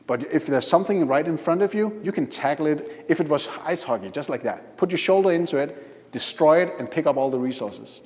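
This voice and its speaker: A man leading a live hypnosis demonstration at a conference, giving slow, coaxing instructions with repeated lists. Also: on the high side, expressive, a little mellow. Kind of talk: guiding a live hypnosis demo. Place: conference hall. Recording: reverberant conference hall.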